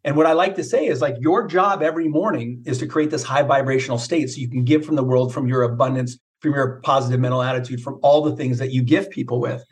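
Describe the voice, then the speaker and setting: A man's voice: mid-range voice, fast talker, hardly any pauses. A middle-aged man, a mindset coach, talking casually and emphatically, coaching with rhetorical questions. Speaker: mindset coach, podcast guest. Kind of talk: casual motivational talk.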